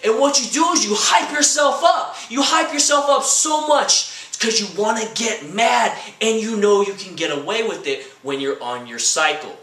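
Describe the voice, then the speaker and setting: A young man delivering a comedic rant, acting out quoted lines and bursting into shouts. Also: high-pitched, normal speed, few pauses, reverberant, low-quality recording. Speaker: comedy vlogger.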